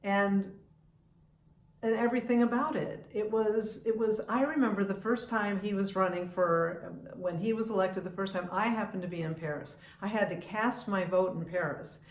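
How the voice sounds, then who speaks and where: A woman in her seventies from the United States talks to camera on her own vlog, opinionated and chatty. She often breaks off and restarts her sentences. Her voice sits at an ordinary pitch, and the room around her is noticeably echoey. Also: moderate pace, a little hiss or hum. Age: 70s. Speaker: vlogger and humorist. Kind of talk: casual talking-to-camera vlog.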